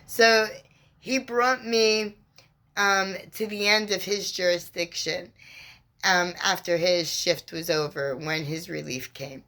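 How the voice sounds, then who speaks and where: A woman who works as a spiritual mentor, telling a personal story to camera in an unhurried, reflective and encouraging way. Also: fairly low pitch, steady tone, bright, forceful tone.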